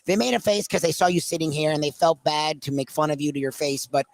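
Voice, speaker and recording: A male co-host with a fairly high voice banters at a food market, reading out viewer questions and teasing his partner. The sound is close and dry, with little room around it. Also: fast talker, creaky, no room sound. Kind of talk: casual food chat.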